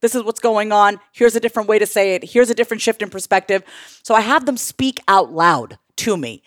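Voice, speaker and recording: Blunt, lively woman coach in podcast chat, dry close mic. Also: mid-range voice, a little fast, no echo. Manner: animated, blunt, casual swearing. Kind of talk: podcast conversation.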